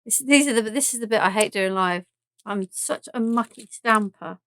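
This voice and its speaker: Talking at a moderate pace in a mid-range, slightly bright voice, a southern English woman works through a live craft demonstration. She's chatty and self-deprecating, musing aloud and laughing at the mess she makes. The sound is echo-free.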